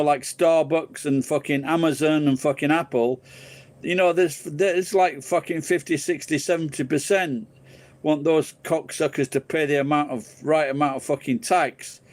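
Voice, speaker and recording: A man's voice: fairly high pitch, darkish tone. A man hosting a casual live stream, ranting profanely and rambling into crude jokes.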